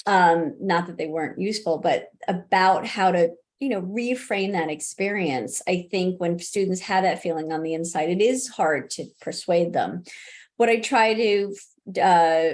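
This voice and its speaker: A middle-aged woman answering interview questions as a college disability services expert, talking conversationally with many restarts and fillers and laughing easily. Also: on the low side.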